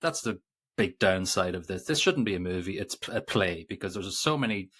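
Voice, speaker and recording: Man, fairly low voice, casual podcast co-host, rambling movie chat, starts and restarts. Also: lively intonation, fairly quick, fairly bright tone. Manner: rambling, self-interrupting, reads quotes aloud.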